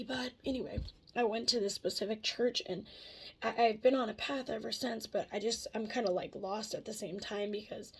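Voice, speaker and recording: A woman's voice: mid-range voice, breathy edge. A woman vlogger in a casual confessional talk, candid and rambling, swearing freely and laughing between thoughts.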